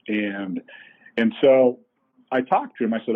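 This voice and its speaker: A middle-aged man, a company co-founder, telling folksy, animated stories as a podcast guest over a tinny phone-like line. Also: medium pitch, measured pace, pauses often. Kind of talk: anecdotal storytelling in a podcast interview.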